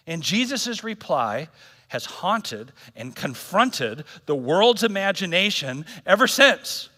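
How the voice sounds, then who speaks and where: A man's voice: high-pitched, sing-song, slow, bright, forceful tone, big-room sound. A man pastor giving a sermon at a church service in a casual, joking, slangy way.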